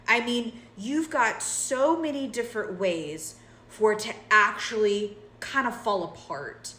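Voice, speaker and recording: A woman's voice: mid-range voice, sharp tone, slight background noise. A woman talks in a casual, emphatic vlog style, often checking in with "right?". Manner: emphatic and conversational, with frequent "like" and "right?". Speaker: creator. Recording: roomy echo.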